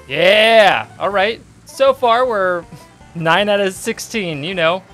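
Young man, gaming host, let's-play commentary, jokey, animated, faint music behind. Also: high-pitched, normal speed. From United States. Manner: excitable, jokey, bursts into yelps and shouts.

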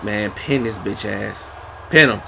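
A man's voice: fairly low pitch, measured pace, creaky, crowd noise. A man playing a wrestling video game, muttering and swearing at the screen in frustration. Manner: talks to himself and the screen. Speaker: gamer. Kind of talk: casual gameplay commentary.

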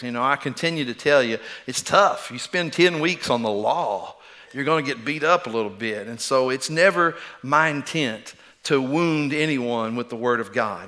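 A middle-aged man delivers a sermon from a church stage, his voice bright and forward. He talks in a folksy, self-deprecating way and often restarts his phrases. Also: medium pitch. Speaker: preacher. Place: church sanctuary.

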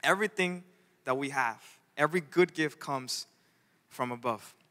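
A man preaching a sermon as a pastor, animated, acting out the voices of the figures in his story. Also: medium pitch, moderate pace. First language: Spanish. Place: church sanctuary. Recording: church hall with long reverb.

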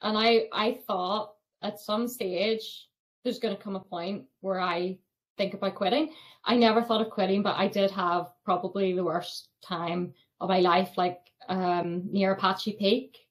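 A woman's voice: medium pitch, fairly even intonation, a little slow. A young woman guest on a podcast, telling hiking stories in a chatty way, laughing often and full of fillers. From Ireland. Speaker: podcast guest, thru-hiker. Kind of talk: casual storytelling interview.

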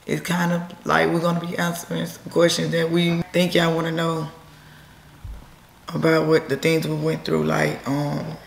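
Hoarse-voiced woman co-hosting a vlog, chatty and laughing, roomy echo. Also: low voice, completely flat delivery, moderate pace, a little hiss or hum. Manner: chatty, rambling, laughs often. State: hoarse, losing her voice. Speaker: vlog co-host. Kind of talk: casual chat. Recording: echoey room.

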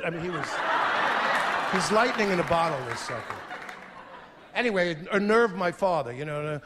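A man in his fifties performing a stand-up comedy routine on stage, animated, breaking into shouted impressions and sung snatches. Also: on the high side, fairly quick, in a large hall. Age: 50s. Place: theater stage before an audience. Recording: live stage mic over a laughing crowd and noise.

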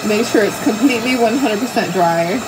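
A woman's voice: medium pitch, a little fast, very noisy. An older woman from Canada chatting casually with viewers while she paints craft kits, laughing often and restarting her sentences. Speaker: craft livestream host.

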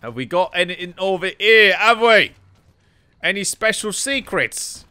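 Young let's player, rowdy and profane, bright voice, slow unhurried delivery. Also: male voice, sits high, lively intonation, clear, resonant tone, no echo. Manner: rowdy, joking banter at the game, cursing. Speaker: gaming YouTuber. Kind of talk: let's play commentary.

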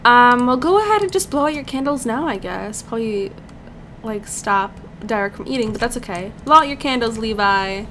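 A young woman giving casual commentary over a life-sim game, chatty and easily excited, talking to the characters on screen. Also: on the high side, moderate pace, a little hiss or hum. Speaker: let's play commentator.

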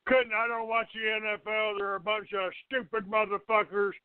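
A man's voice: high voice, little pitch movement, moderate pace, smooth, no echo. A man hosting a call-in show, hostile and profane, cursing and insulting callers. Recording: tinny phone-like audio.

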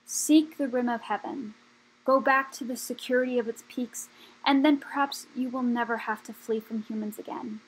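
A woman's voice: on the high side, steady tone, moderate pace, breathy edge, rough recording. A woman reading a weary old dragon chief. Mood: solemn.

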